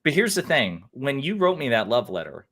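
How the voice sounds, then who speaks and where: A man's voice: medium pitch, sing-song, fairly quick, a bit bright. A young man co-hosting a livestream, teasing and joking in casual banter. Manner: teasing, joking, playful sarcasm. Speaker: livestream co-host.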